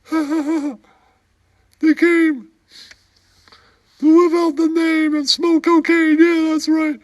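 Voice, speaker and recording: A shrill giggling puppet. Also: male voice, level tone, extremely slow, long pauses, heavily acted. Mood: giddy. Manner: giggly, shouts a catchphrase often. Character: goofy crude puppet man, giggling and shrill. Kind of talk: puppet comedy bit.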